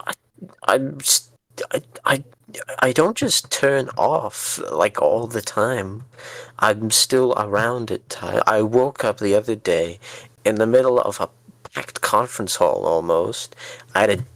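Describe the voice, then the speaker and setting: A man's voice: fairly low pitch, a little slow, a bit bright, dry recording. A man role-playing a flustered, anxious character in a tabletop game, stammering as he talks. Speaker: player.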